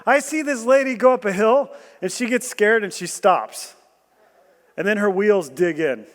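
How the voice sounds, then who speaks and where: A man preaching a sermon, animated and joking, asking the room questions and bursting into loud emphasis. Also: high voice, a little slow. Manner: animated storytelling with jokes and rhetorical questions. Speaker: guest preacher. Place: church hall. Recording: long church hall reverb.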